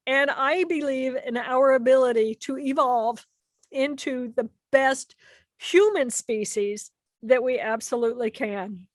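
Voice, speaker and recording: A middle-aged woman explaining a step-by-step method for calming the mind, animated and earnest, spelling out each step letter by letter. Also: sits high, measured pace, dry recording. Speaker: author teaching a brain method. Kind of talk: explanatory talk on mindfulness steps.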